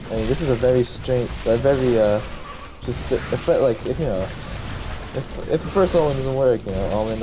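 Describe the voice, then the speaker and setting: Relaxed rambling male co-caster. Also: mid-range voice, background noise. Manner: relaxed, rambling analysis with restarts. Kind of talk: live game commentary. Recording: faint music underneath.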